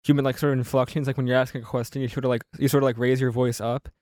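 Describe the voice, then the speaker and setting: A man's voice: mid-range voice, flat delivery, racing, a little mellow, dry recording, clean studio sound. A teenage boy cohosting and editing a podcast, joking around with hesitant restarts. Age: teens. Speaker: podcast editor. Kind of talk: casual chat.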